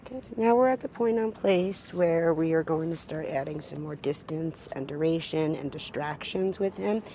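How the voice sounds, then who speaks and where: A woman with a low, deep-set voice works as a dog trainer in a hands-on demonstration. She explains steadily and cuts in with short, firm commands to the dog. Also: moderate pace, mellow, slight background noise.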